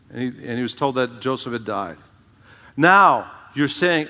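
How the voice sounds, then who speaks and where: A male pastor preaches through a passage with a bright, forceful delivery. He repeats words and calls out "Amen?" to his listeners. His voice carries a long, echoing hall reverb. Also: medium pitch, animated, normal speed, long pauses. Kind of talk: expository sermon.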